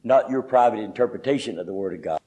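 A man's voice: lowish voice, lively intonation, quick pace, dark tone, lo-fi sound. A middle-aged man preaching a conversational sermon in a folksy, emphatic way, often adding "you know".

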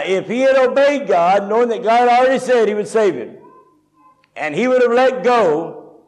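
A male preacher delivering a story-driven sermon at a conference. His voice sits high and his delivery is folksy and plain-spoken. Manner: folksy storytelling, varied loudness.

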